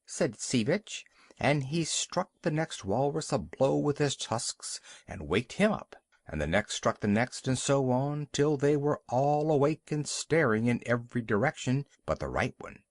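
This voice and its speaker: Expressive male audiobook narrator. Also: medium pitch, a little slow, dry recording. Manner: expressive storytelling. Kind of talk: scripted narration.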